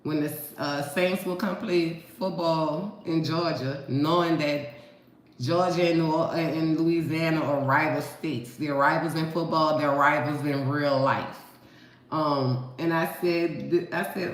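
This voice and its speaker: A deep-voiced woman with a New Orleans accent talks at normal speed to her camera as a vlogger, folksy and talkative, calling viewers honey and baby. The room is echoey with faint ambience.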